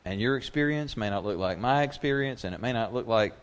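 A man's voice: mid-range voice, expressive, brisk. A male pastor preaching a sermon in a conversational way, slipping into the voices of the people he quotes.

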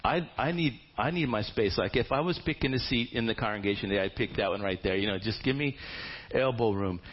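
A male pastor telling a story in a casual, humorous and animated sermon in a church. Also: on the low side, a little fast, slightly rough, muffled recording.

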